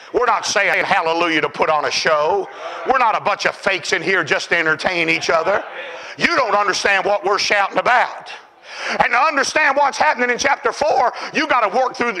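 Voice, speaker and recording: A man preaching a sermon, telling stories with fervour and often shouting. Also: high voice, low-quality recording. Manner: fervent storytelling, often shouting.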